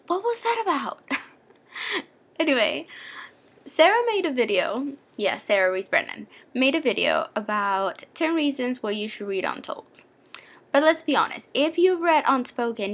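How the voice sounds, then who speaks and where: A woman's voice: medium pitch, vocal fry, a bit bright. A young woman chatting casually in a book vlog, gushing and playful as she recommends a favorite novel. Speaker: book vlogger.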